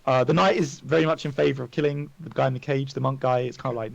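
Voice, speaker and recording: Man, dungeon master, casual narration, gravelly, lo-fi chat audio. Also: medium pitch, steady tone, fast, dry recording. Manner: casual, with many fillers and restarts. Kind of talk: narrating a tabletop game.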